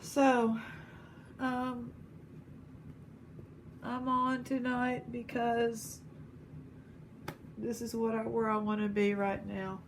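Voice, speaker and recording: A woman vlogging casually, gently thanking viewers as she opens gifts and admires jewelry. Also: fairly high pitch, level tone, drawn-out words, long pauses, a little hiss or hum. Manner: gentle, appreciative, lingering over each gift. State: near tears, grieving. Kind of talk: casual vlog chat.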